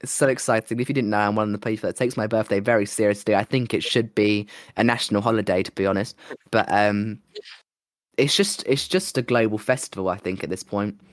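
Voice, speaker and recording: A man co-hosting a podcast, hoarse and losing his voice, chatting casually and rambling with plenty of "like". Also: lowish voice, fairly quick, no room sound, studio quality. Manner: rambling, lots of "like" and restarts. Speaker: podcast co-host and streamer. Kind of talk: casual chat.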